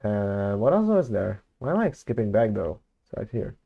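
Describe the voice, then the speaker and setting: Man on a low-fi mic, dark low voice, muses slowly and corrects himself as he goes. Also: very animated, vocal fry, narrow, tinny audio. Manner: thinking aloud while working, many fillers and self-corrections. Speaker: conlang creator. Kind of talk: casual screen-recorded commentary.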